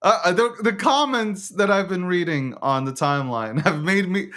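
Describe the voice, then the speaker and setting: A man's voice: sits high, animated, moderate pace, fairly bright tone. A man hosting a casual crypto market monologue, slangy and swearing, who keeps breaking into fits of giggles. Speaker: host of a crypto news show.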